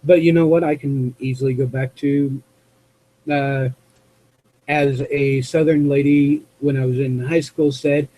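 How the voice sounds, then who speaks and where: West coast guy hosting a live chat show, slow and mellow, keeps restarting his sentences. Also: mid-range voice, fairly even intonation, poor audio. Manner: rambling, halting, searches for words with many restarts. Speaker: host of a live call-in show. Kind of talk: unscripted monologue to chat viewers.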